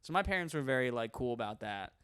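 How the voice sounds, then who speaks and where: A male stand-up comedian in casual podcast chat, telling stories in an animated, profane way. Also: mid-range voice, fast, smooth, dry recording.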